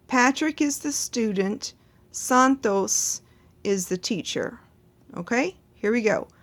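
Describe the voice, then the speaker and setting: A woman teaching a language lesson, patiently explaining sentence patterns and translating each word. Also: on the high side. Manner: patient, reassuring, repeats words and translates them.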